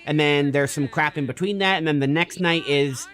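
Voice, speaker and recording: A man's voice: on the high side, normal speed. A man streaming a game and chatting loosely with a friend on a voice call, with hesitant restarts. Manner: relaxed, hesitant, many "uh" and restarts. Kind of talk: casual voice-chat while gaming.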